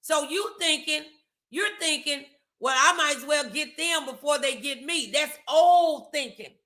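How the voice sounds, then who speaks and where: Emphatic high-voiced woman preaching life lessons. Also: a little slow, pushed and bright. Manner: emphatic, preachy, repeats phrases. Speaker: podcast co-host. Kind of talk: faith-based advice talk.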